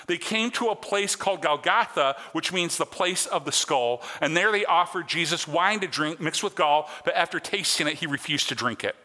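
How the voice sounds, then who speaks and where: A man's voice: a little high, normal speed, few pauses, bright, forceful tone. A man preaching a sermon as a pastor, earnest and conversational, checking in with his congregation. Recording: long hall reverb.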